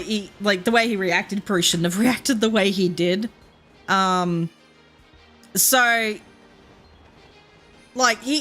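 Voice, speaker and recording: An Australian woman streaming a game, chatting casually and rambling through a story with frequent laughs and quick asides. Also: mid-range voice, fairly bright tone. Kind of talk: casual chat while playing.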